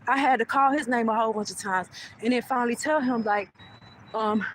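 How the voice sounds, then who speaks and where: Woman ranting a story to her viewers, cussing a lot, lively, faint hiss behind her. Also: a little high, brisk. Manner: profane, animated, addresses viewers directly. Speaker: vlogger telling a story. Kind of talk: casual storytelling rant.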